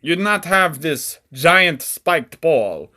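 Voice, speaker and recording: Guy doing a mean sneering tyrant with a shaky romanian accent, bright lively voice. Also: on the high side, extremely slow, voice pushed up, exaggerated voice. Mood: sneering menace. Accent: attempted Romanian accent. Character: cruel male tyrant store owner, sneering.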